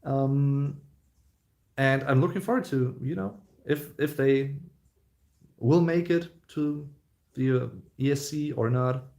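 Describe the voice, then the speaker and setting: A man's voice: medium pitch, slow pace, creaky, long pauses, a little mellow. A man in his thirties with a German accent, hosting a casual live stream, reading viewer comments and rambling with many fillers and restarts. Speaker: YouTube host reading live chat.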